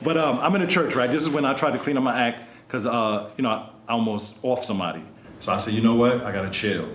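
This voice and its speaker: A man's voice: mid-range voice, fast, fairly bright tone, echoey room. A man hosting a casual podcast, telling stories animatedly and swearing freely. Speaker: podcast host. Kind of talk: casual storytelling chat.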